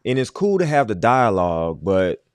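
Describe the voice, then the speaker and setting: A man's voice: fairly low pitch, sing-song, moderate pace, clean tone, no echo, clean studio sound. A man hosting a livestream, talking in a casual, emphatic way and repeating his points. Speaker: livestream host.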